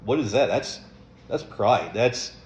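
A man's voice: medium pitch, lively intonation, takes it slowly, reverberant, a little hiss or hum. A man preaching a sermon as pastor, in a conversational way with frequent ums and light chuckles.

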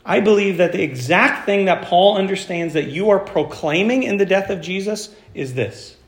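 A man's voice: sits high, expressive, moderate pace, echoey room. A man preaching a sermon as pastor, talking in a conversational way with fillers and restarts. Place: church.

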